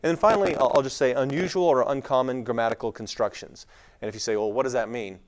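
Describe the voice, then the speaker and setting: A man's voice: medium pitch, quick pace, a little hiss or hum. A man from West Texas with a light West Texas accent, giving an informal lecture on the Bible to a live audience, talking conversationally with many fillers. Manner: conversational, with frequent fillers and acted-out quoted voices. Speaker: speaker teaching on the Bible.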